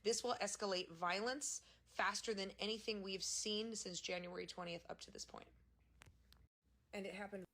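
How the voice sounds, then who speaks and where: A woman's voice: medium pitch, steady tone, moderate pace, fairly bright tone. A woman giving emphatic, indignant political commentary.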